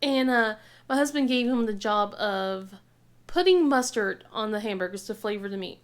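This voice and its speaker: A woman's voice: medium pitch, animated, moderate pace. A woman in her thirties chatting casually while crafting, telling family stories with frequent laughter and acted-out quotes. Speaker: craft vlogger.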